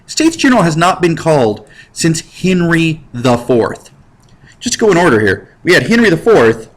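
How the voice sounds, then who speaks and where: A man teaching history in a casual, slangy lecture over slides, cracking jokes and putting on quick voices for the people he describes. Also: on the high side, poor audio. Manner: slangy, jokey, animated with put-on voices. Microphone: computer mic while drawing with a mouse.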